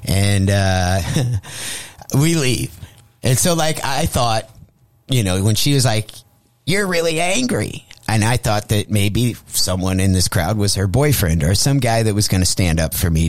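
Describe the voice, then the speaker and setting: In a radio studio, a male comedian appearing as a guest tells a profane, funny story, animatedly acting out the voices of the people he quotes. His voice is fairly low and unhurried, and the recording has no echo.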